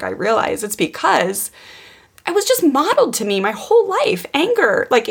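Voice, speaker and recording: Earnest woman with a creaky voice. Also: mid-range voice. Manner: earnest, animated, with many restarts and fillers. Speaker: parenting podcast co-host. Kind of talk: personal storytelling in casual chat.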